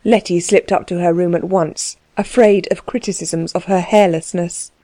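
A woman narrates a classic novel in a measured, even manner. Her voice is mellow and unhurried, recorded close and dry with no room sound. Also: fairly low pitch, dry recording. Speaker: audiobook narrator. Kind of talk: scripted narration.

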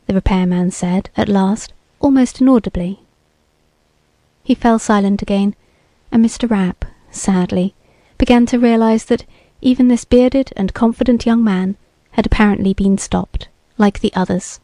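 A woman narrating a story in a steady, measured reading voice. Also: mid-range voice, no echo. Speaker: audiobook narrator.

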